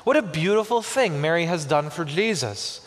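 A man preaching a sermon as pastor, with expressive delivery and slow, emphatic pauses on key words. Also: a little high. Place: church sanctuary. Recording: long church reverb.

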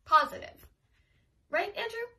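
A woman's voice: very high-pitched, expressive, measured pace, sharp tone, pitched above the performer's own voice, full character voice. A woman voicing a sensible teenage girl babysitter who talks in an earnest, reassuring way.

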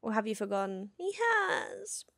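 A woman's voice: fairly high pitch, very animated, unhurried, a bit bright. A woman giving an emotional, gushing reaction commentary while she watches a show. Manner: emotional, gushing, exclaims and laughs often. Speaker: reaction video host.

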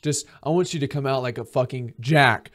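A young man hosting a podcast, ranting comedically with lots of swearing and quick acted-out mock dialogues. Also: medium pitch, a bit bright. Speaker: podcast host. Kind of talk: comedic solo rant.

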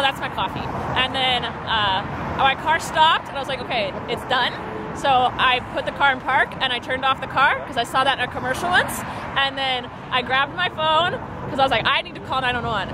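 A woman outdoors at a roadside recounting what happened to a handheld camera, acting out her own thoughts in lively bursts. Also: high-pitched. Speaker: vlogger's sister. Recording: loud traffic and crowd outdoors.

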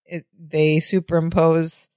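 A woman co-hosting a podcast who walks through a sitcom plot beat by beat in casual chat. Her voice sits fairly low for a woman. It is recorded close and dry, with no room echo. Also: slow pace. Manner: steady play-by-play narration with small laughs. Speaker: podcast co-host.

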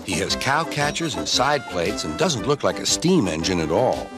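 A man reading a children's storybook aloud as narrator, in a gentle, expressive way. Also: lowish voice, normal speed, music in the background.

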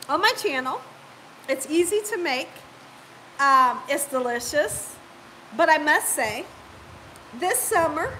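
A woman's voice: high voice, a little hiss or hum, low-quality recording. A woman hosting a casual live cooking stream, chatting and laughing as she reads viewer comments aloud, with a lingering cough. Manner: chatty, warm-hearted, quick to laugh. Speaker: cooking channel host.

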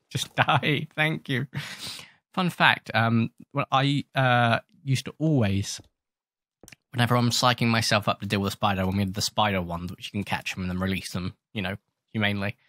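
Guy doing casual game commentary, lowish voice, rambly and self-mocking, dry close sound. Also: fairly even intonation, normal speed, pushed and bright, dry recording. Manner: rambling, jokey and self-mocking, scolds the game's sharks. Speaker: gaming channel host.

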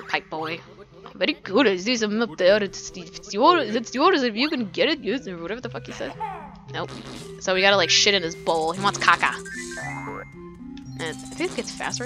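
A young woman giving casual, rambling let's-play commentary, full of "like" and swearing, giggling often. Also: lowish voice. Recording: game music behind voice.

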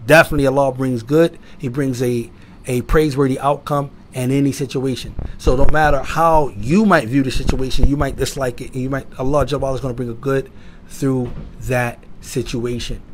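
A man giving an emphatic sermon-style lecture, asking rhetorical questions and swinging from loud to quiet. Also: medium pitch, a little hiss or hum. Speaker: lecturer at an Islamic institute.

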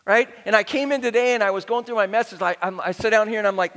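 A middle-aged male pastor preaching a sermon to his congregation, animated and joking, getting the crowd to respond. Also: high-pitched, fast. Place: large church hall. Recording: reverberant church hall.

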